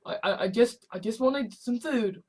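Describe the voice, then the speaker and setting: A man's voice: very high-pitched, moderate pace, darkish tone, husky. A man talking in a casual vlog monologue, stuttering and repeating himself often and swearing freely. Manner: stammering, repeating "I" over and over. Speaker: video essayist.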